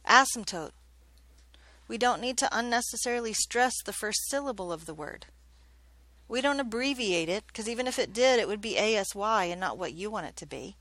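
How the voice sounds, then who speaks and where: A woman's voice: mid-range voice, animated, a little fast, fairly bright tone, dry recording. A woman math teacher giving a classroom lesson, chatty and joking, often checking in with questions.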